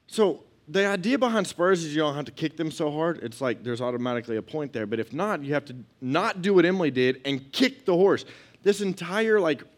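A man's voice: on the high side, moderate pace. A young adult man giving a casual, story-driven sermon as a pastor, moving from a funny anecdote into exhortation. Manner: storytelling, animated and conversational.

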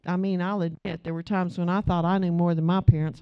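A woman's voice: fairly low pitch, fairly even intonation, a little fast, hardly any pauses, smooth, lo-fi sound. A middle-aged woman preaching a sermon in a conversational way, asking the audience questions.

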